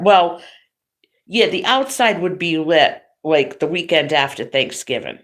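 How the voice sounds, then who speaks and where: A woman's voice: on the low side, big pitch swings, unhurried, fairly bright tone. A middle-aged woman hosting a livestream, telling family stories in a chatty way and laughing often. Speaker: livestream host. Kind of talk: casual chat.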